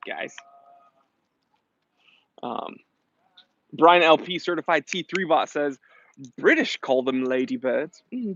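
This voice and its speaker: A man's voice: fairly high pitch, creaky, a bit bright, dry recording. An American man hosting a casual live stream, chatty and upbeat, reading viewer comments aloud and laughing often, with slightly dull lo-fi stream audio.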